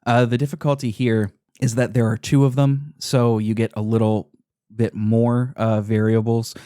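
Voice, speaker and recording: A man's voice: mid-range voice, level tone, moderate pace, warm tone, clean tone, no room sound, clean studio sound. A man hosting a podcast, enthusiastically recapping a video game in casual, profane chat, often laughing. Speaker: podcast host.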